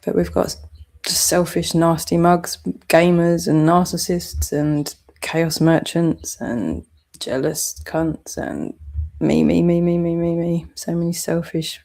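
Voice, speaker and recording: A woman's voice: sits low, fairly even intonation, measured pace, darkish tone. A British woman with a southeast English accent, delivering a heated, accusatory vlog rant full of swearing. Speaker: channel owner.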